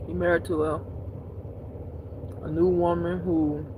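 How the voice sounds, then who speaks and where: A woman's voice: fairly low pitch, level tone, a little slow, noisy background. A woman chatting loosely and profanely to her viewers, laughing often at her own jokes. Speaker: spiritual teacher streaming live. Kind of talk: casual unscripted chat.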